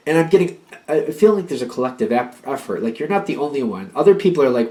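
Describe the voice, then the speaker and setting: A man of middle pitch talks through a tarot reading in a loose, casual way. He rambles and repeats points for emphasis. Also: big pitch swings, fast, mellow. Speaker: tarot card reader.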